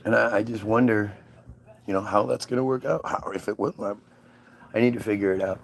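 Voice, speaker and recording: Low-voiced man rambling on a livestream. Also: steady tone, brisk, vocal fry. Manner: sarcastic, musing aloud. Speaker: livestream host. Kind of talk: casual rambling monologue.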